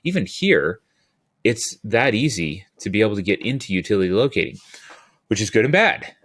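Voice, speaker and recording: A man from California talking as a podcast guest, rambling and animated, with quick asides and restarts. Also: fairly low pitch, husky. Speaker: podcast guest, utility locator. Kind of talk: casual interview talk.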